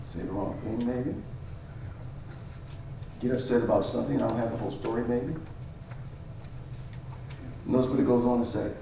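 A man's voice: medium pitch, moderate pace, gravelly, pauses often, background noise. A man preaching as a pastor, teaching on marriage and acting out both sides of an argument with repeated phrases. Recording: echoey hall, mic at a distance.

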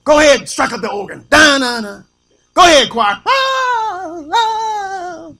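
A man's voice: extremely high pitch, lively intonation, fairly quick, creaky, pushed and bright, exaggerated voice. A man putting on a greedy male preacher who whoops and hollers for more offerings. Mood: shouting frenzy. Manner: hollering, whooping, ordering the organ and choir.

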